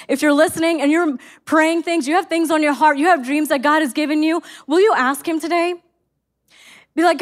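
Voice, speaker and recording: A woman's voice: high-pitched, brisk. A middle-aged woman preaching a sermon, telling an earnest personal story and reading scripture. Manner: earnest storytelling, exclaims in quoted excitement.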